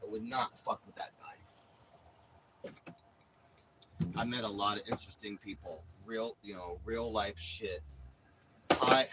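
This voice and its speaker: A man's voice: lowish voice, noisy background. A man livestreaming, telling rambling stories to his chat in a casual, profane way with many restarts. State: says he has a headache.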